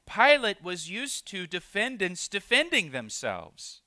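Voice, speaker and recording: In a church sanctuary, a pastor gives an expository sermon verse by verse, now and then voicing quoted lines and repeating words as he starts over. He speaks slowly in a high, bright, forceful voice with huge pitch swings. The recording is dry.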